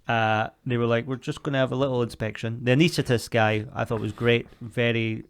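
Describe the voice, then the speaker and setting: A young man co-hosts a casual comedy podcast and tells a story. His voice has a gravelly edge and sits at an ordinary middle pitch. He keeps acting out the other people in his story. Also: little pitch movement, brisk. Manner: storytelling with acted quotes of others. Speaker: podcast co-host.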